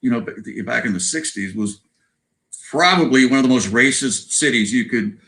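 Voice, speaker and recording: Animated and a bit bright, the mid-range voice of a roughly seventy-year-old Southern California guest musician comes at normal speed over a rough recording. He chats in a rambling, casual interview by video call, American accent and all, adding "you know" and "right?" as he goes.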